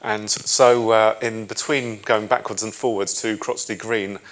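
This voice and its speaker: A middle-aged man with a British accent, a rabbi leading a synagogue service and reading memorial names in a measured, solemn way with gentle asides. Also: on the low side, steady tone. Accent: British English. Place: synagogue sanctuary.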